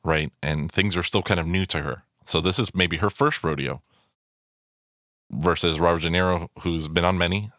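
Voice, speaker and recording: A man's voice: deep voice, moderate pace, fairly bright tone, dry recording, clean studio sound. A man giving casual, rambling film commentary, swearing freely and full of fillers and restarts.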